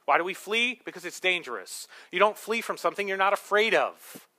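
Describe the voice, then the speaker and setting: A man's voice: high voice, animated, a little fast, pushed and bright. A male pastor preaching a sermon, emphatic, with rhetorical questions and humorous asides.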